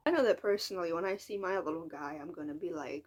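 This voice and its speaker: A woman's voice: on the low side, fast, few pauses. An eighteen-year-old woman talking in a casual vlog monologue, frank and frustrated, rambling and dropping into whispered asides. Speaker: vlogger.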